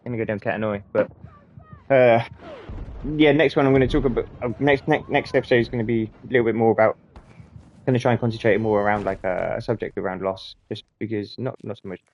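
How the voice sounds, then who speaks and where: Brief: low-pitched man, chuckling storyteller, faint background noise. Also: fairly even intonation, fast, darkish tone, muffled recording. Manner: rambling, sweary, chuckling often. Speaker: podcast host and army veteran. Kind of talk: casual storytelling.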